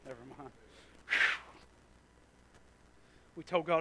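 A pastor preaching a sermon, swinging from soft, mumbled asides to loud, stretched-out cries. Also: male voice, high-pitched, moderate pace.

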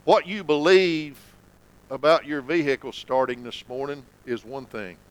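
A man preaching a sermon in church, folksy and conversational, sometimes dropping to a low hush for emphasis. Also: a little slow, low-quality recording. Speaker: pastor.

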